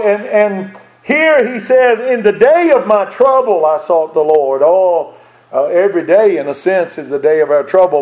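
A man preaching a sermon in an earnest way, repeating phrases and asking his listeners direct questions. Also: high voice. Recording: dull lo-fi recording.

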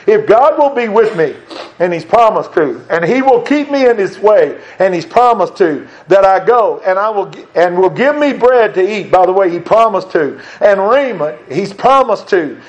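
An older man preaching a sermon in a high, light voice. He speaks earnestly and with emphasis, circling back on phrases to stress them. The recording sounds dull and lo-fi.

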